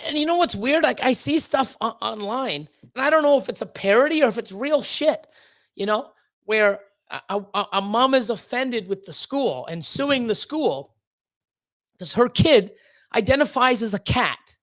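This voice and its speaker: A woman streamer with a slightly high, fairly bright voice rants casually to her chat at normal speed, her intonation lively. She swears constantly, and as she gets worked up she stammers, stumbles, and restarts her words.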